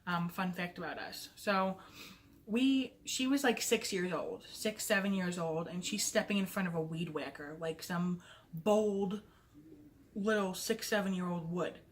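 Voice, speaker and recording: A woman's voice: lowish voice, a little slow, slight background noise. A young adult woman vlogger telling a casual storytime. She is chatty and playful, pokes fun at herself, and leans on "like" as she talks. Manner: chatty, fills talk with "like"; playful and self-mocking.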